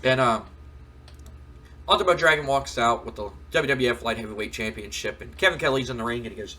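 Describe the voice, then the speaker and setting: A man's voice: mid-range voice, fairly quick, pushed and bright. A man casually narrating a wrestling management game, rambling with lots of fillers. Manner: rambling, filler-heavy recap. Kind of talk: casual let's-play narration.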